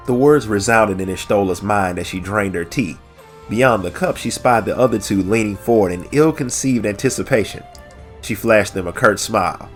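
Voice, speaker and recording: A man narrates a game story in a measured audiobook manner, his voice low and noticeably nasal from allergy congestion. Between stories he speaks casually and warmly to listeners. Soft music sits quietly behind him. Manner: measured, friendly sign-offs. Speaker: lore channel narrator.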